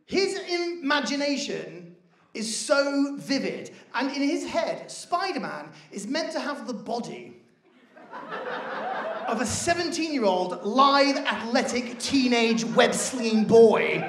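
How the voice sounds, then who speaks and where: An English man performing stand-up comedy on a theatre stage, telling an animated story and shouting out the punchlines. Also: very high voice, slow. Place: theatre stage before a laughing audience. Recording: roomy theatre with crowd laughter.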